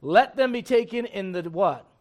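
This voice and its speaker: A man preaching a sermon as pastor of a church, emphatic and swinging between loud bursts and low asides. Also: expressive, moderate pace.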